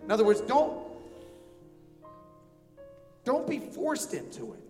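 High-voiced preacher in a reverberant hall. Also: male voice, wildly swooping pitch, slow. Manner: emphatic, repeats phrases, swings between soft and loud. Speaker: pastor. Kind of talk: sermon. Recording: reverberant hall with faint music.

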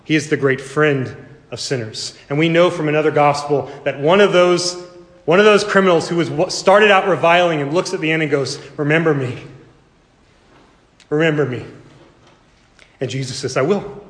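Man preaching in an echoey hall. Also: fairly quick. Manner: dramatic preaching, swells high and loud then drops to a hush. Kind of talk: sermon.

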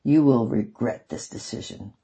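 Guy putting on a snide arrogant old man, husky dark voice, bossy. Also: mid-range voice, moderate pace. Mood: threatening. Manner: snide, haughty. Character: arrogant domineering older man, a father.

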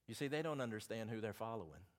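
Fast-talking and low-voiced, this Southern preacher moves through scripture while throwing in animated, homespun comments for the congregation.

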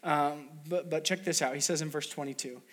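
A man's voice: a little high, fairly even intonation, brisk, a bit bright. A man preaching a sermon in a conversational, storytelling way, with many restarts and acted quotes. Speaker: pastor.

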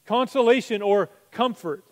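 Male pastor, high voice, chatty sermon delivery with plenty of rhetorical questions, long church reverb. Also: moderate pace. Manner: conversational, asks rhetorical questions.

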